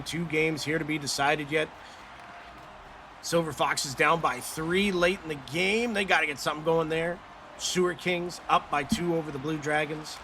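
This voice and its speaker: A man doing lively play-by-play on a live stream, joking and reading out viewer messages. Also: a little high, moderate pace, slight background noise. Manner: upbeat, jokey, reads chat aloud. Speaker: play-by-play caster. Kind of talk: live stream game commentary. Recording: stream mic with game music behind.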